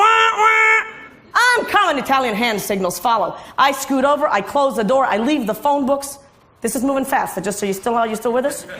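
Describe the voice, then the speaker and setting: Brief: middle-aged woman storyteller onstage, high and swooping, teasing the crowd. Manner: animated, playful asides to the audience. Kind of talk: live storytelling performance. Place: stage before a live audience.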